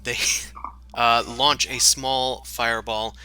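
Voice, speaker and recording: A man narrating as game master, halting with many ums and uhs. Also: medium pitch, flat delivery, sharp tone, smooth.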